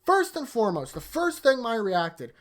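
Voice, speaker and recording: A YouTuber giving a casual, rambling manga chapter review late at night, tired, leaning on "like" a lot and often trailing off into a quieter voice. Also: medium pitch, very animated, normal speed. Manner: rambling, heavy use of "like", sentences often trailing off softer. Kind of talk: casual video commentary.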